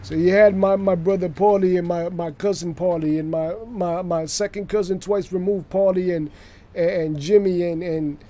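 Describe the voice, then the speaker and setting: A man's voice: sits high, fairly even intonation, normal speed, mellow, voice pushed up, lightly acted. A man voicing a brash male Italian-American wise guy with a New York accent, telling rambling, jokey stories.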